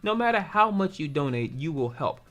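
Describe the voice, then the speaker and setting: A man reading aloud a scammer's begging message, putting on a slow, overly polite pleading voice. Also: on the high side, sing-song, a bit bright. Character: pleading young male scammer begging for money.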